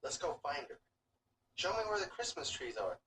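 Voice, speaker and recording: A woman filming her toddler at home, gently coaxing the child to count and talk. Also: low-pitched, sing-song, moderate pace, a little hiss or hum. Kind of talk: home video chat. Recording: roomy home video from far off.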